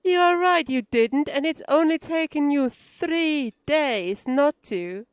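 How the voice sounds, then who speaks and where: A woman's voice: high-pitched, lively intonation, slow pace, dry recording, voice pushed up. A woman voicing a defensive, irritable male cafeteria manager, reading game dialogue aloud in an exasperated, lecturing way. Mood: sarcastic.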